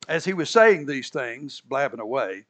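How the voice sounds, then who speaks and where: A man's voice: medium pitch, expressive, normal speed, a bit bright. A man preaching a sermon, telling the story with energy, acting out the characters' lines and laughing at his own asides. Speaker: pastor.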